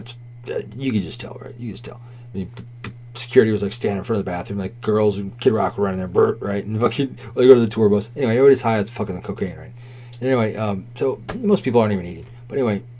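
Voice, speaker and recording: Man, forties, casual anecdote, swears a lot, keeps asking "right?", mellow husky voice. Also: fairly low pitch. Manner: rambling, profane, fillers of "right?" and "like". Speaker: storyteller.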